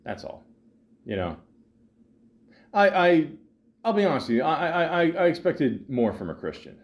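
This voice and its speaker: A man hosting a podcast, telling his story in a rambling, halting way with many fillers and restarts, and dropping wry, sardonic asides. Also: mid-range voice, sing-song. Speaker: podcast host. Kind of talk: casual monologue.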